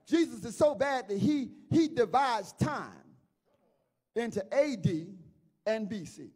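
A man's voice: extremely high pitch, lively intonation, takes it slowly. A middle-aged male pastor preaching a sermon with a chanting call-and-response delivery.

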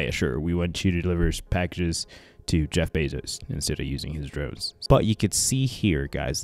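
A man from Africa giving a chatty, rambling commentary while browsing a website, often calling his viewers guys. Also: low voice. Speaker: tech vlogger. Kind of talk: casual screen-share commentary.

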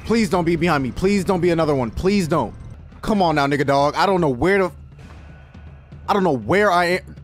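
A man giving excitable, profane let's-play commentary as he plays a game, yelping and shouting when startled. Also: fairly high pitch, fairly quick, soft background music. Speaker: gaming video host.

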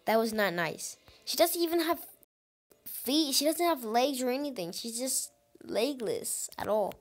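Excitable high-voiced woman gaming. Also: measured pace. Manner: excitable, talks to viewers, frequent exclamations. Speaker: gaming channel host. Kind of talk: let's-play gaming commentary.

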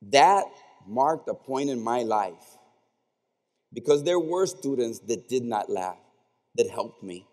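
A man's voice: mid-range voice, lively intonation, slow pace, pauses often, a little mellow. A man giving a commencement speech in a large indoor arena, speaking with impassioned, repetitive oratory into a podium microphone. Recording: echoey arena with long reverb.

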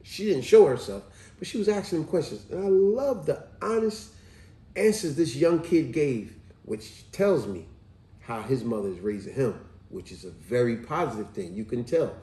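Man, book reading with commentary, chatty, mellow tone, echoey room. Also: medium pitch, big pitch swings, normal speed, recorded from a distance. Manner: chatty, musing asides, rereads lines. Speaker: book reviewer.

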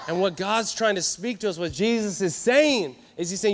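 A man preaching an energetic sermon at a youth conference, animated and joking with the crowd. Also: sits high, fairly quick, hardly any pauses. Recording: live hall reverb.

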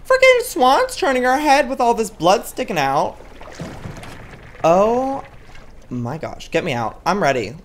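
A man giving let's play commentary as a gaming channel host, excitable and given to dramatic exclamations. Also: very high-pitched, a little slow, long pauses, slight background noise.

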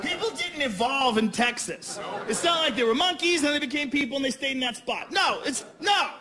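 High-pitched man doing stand-up, animated and loud, long hall reverb, crowd noise. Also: brisk. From Boston. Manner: loud, animated, profane storytelling with acted-out voices. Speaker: stand-up comedian. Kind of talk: stand-up comedy routine. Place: comedy stage in front of a live audience. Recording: live club stage mic, long hall reverb, audience noise.

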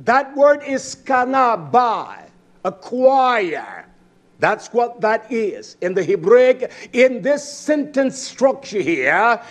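A man preaching a sermon, emphatic, swinging between loud bursts and low murmurs and asking his listeners direct questions. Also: big pitch swings, slow pace. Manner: addresses congregation directly with questions.

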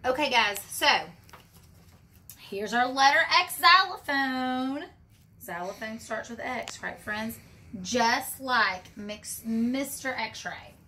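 A woman preschool teacher reading a picture book aloud to young children, animated for the character lines and asking the kids questions. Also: on the high side, slow. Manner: asks children questions and calls them friends. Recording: distant from the mic with faint background noise.

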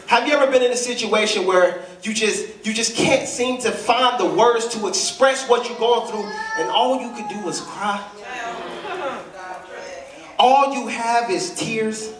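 A preacher rises to fervent shouts and falls back to hushed lines. His voice sits very high and rings bright and forceful. He is heard from some way off in a roomy, echoing church. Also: unhurried. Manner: impassioned call-and-response preaching, building to shouts. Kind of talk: sermon. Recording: echoey church hall, voice from a distance.

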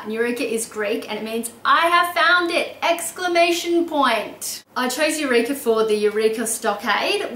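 A woman's voice: mid-range voice, a bit bright, roomy sound, distant mic, slight background noise, poor audio. An Australian woman talking casually and enthusiastically in a vlog, often laughing as she explains things. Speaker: baby name vlogger.

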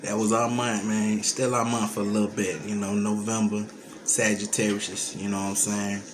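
A man vlogs casually to his followers from home, talking into his phone camera while emotional, choked up, and sighing heavily. His voice is fairly low with flat delivery and a moderate pace, and there's noticeable room noise.

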